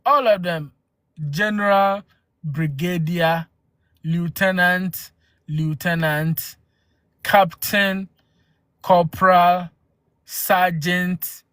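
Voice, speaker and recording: Man, live-stream host, argumentative, somewhat high voice, dry phone sound. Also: steady tone, drawn-out words, pauses often, pushed and bright, no echo. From Ghana. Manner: argumentative, rhetorical questions, exclamations. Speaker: livestream host.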